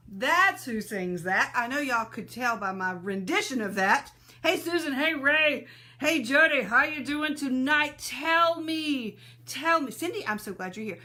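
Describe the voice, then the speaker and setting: A woman's voice: high voice, animated, unhurried, bright, forceful tone. A woman hosting a casual live stream, greeting viewers by name and laughing often, a little sneezy and teary-eyed.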